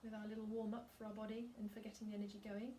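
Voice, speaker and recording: A woman singing teacher gently guiding a breathing and vocal warm-up, giving calm, encouraging instructions. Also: medium pitch, rapid-fire, recorded from a distance, a little hiss or hum.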